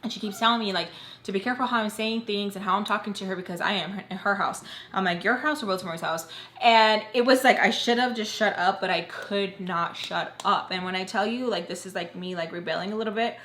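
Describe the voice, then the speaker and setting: A young female vlogger recounts a personal story in a casual, talkative way, leaning on "like" as filler. Her medium-pitched voice is fairly bright in tone, fairly even in intonation, and a little fast. The audio has a roomy echo and a faint hiss.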